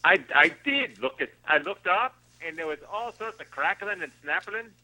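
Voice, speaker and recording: Brief: male comic as a rambling addict in a radio comedy bit, bright, animated, edging into an Italian-style accent. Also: sits high, normal speed, heavily acted, rough recording. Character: rambling drug-addicted man, wife after alimony.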